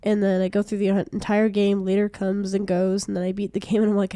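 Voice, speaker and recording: A young woman with a cold, her voice hoarse and stuffy, chatting casually and self-deprecatingly while streaming a game from a small room. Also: medium pitch, level tone, fast talker, dark tone, no room sound. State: congested from a cold.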